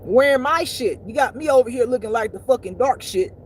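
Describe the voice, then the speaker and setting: A woman's voice: a little high, fairly quick, a little mellow, a little hiss or hum. A woman giving blunt, profane, emphatic spiritual life advice in a casual talk.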